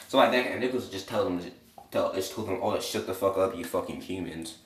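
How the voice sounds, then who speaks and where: Low-ish guy rambling thru a fan story, swears a lot, echoey room. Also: quick pace. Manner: rambling, leans on "basically" and swearing. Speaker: channel host. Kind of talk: casual retelling of a fan story. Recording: roomy echo.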